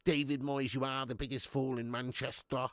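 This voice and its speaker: A man's voice: mid-range voice, flat delivery, normal speed, a bit bright, dry recording, clean studio sound, close to an everyday voice. A man putting on an impression of a scornful, blustering man who hurls insults. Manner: sneering, declamatory put-downs.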